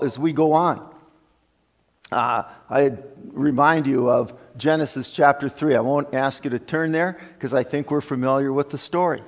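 A man preaching a sermon in a church, emphatic and deliberate, with frequent fillers. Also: medium pitch. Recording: long reverb of a hall.

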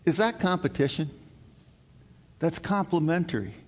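A man's voice: on the high side, expressive, normal speed. A male pastor preaching a sermon to his congregation in an earnest, emphatic way, repeating his key points. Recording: long hall reverb.

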